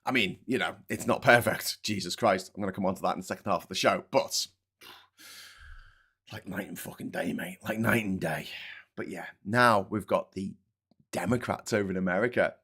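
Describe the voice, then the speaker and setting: A man's voice: deep voice, normal speed, pushed and bright, husky. A man hosting a live political commentary stream, sarcastic and profane, slipping into mocking voices. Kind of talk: sweary live-stream rant.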